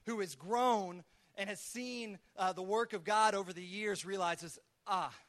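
A man preaching a conversational sermon, telling the story in a casual, chatty way with lively acted asides. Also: sits high, unhurried. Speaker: pastor.

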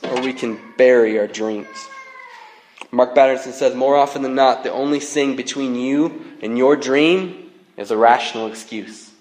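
A man in his thirties preaching a sermon in a relaxed, conversational way, joking and using frequent fillers. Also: medium pitch, a little hiss or hum. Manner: conversational, self-deprecating humor, frequent fillers. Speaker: pastor. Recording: long reverb of a large hall.

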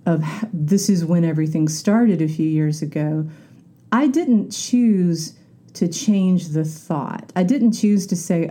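A woman with a very dark, mellow tone and a fairly low voice talks through her thoughts in a loose, reflective monologue. She restarts sentences often and slips into little acted-out voices when she quotes people. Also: takes it slowly. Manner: candid, rambling, acts out quoted voices, frequent restarts.

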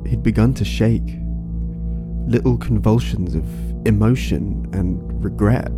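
A man narrating a first-person story in a wry, deadpan way over soft guitar music. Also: on the low side, a little slow.

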